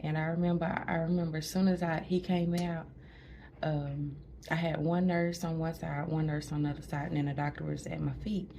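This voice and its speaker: Chatty low-voiced woman with a lilt. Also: level tone, fairly quick, gravelly, a little hiss or hum. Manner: chatty, laughs often, drops to a hush when retelling. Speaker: new mother recounting a birth. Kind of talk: casual storytelling to camera. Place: hospital room.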